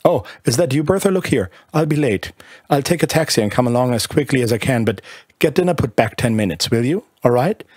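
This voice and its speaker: A man reading aloud, voicing a husband who speaks in a brisk, hurried, offhand way. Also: mid-range voice, expressive, a little mellow, no echo, studio quality, natural voice.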